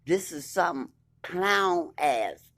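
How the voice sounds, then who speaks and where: Indignant woman with a lively voice. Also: on the low side, extremely slow. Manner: indignant, blunt, swears freely. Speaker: vlogger recounting her court case. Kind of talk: emphatic personal account, reading documents aloud.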